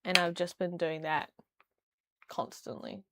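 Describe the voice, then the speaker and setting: A woman's voice: lowish voice, a little slow, a bit bright, slight background noise. A young woman chatting casually on a livestream, rambling with lots of fillers. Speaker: streamer.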